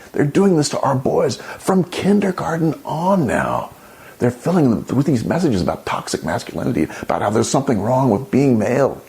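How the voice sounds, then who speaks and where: Male commentary host, gravelly and sarcastic, with a lively, animated delivery. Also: medium pitch, normal speed. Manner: indignant, exclaiming, sarcastic. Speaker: channel host. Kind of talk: opinion commentary.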